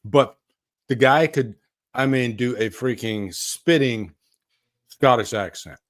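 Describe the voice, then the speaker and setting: A man's voice: medium pitch, slow. A man hosting a live horror news stream, chatting casually and laughing often. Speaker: podcast host.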